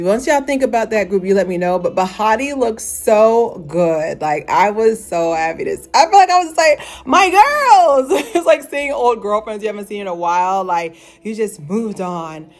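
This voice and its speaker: A young woman casually reviewing a fashion show, chatty and animated, with lots of filler words and sudden high exclamations. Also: moderate pace, soft background music. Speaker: vlogger.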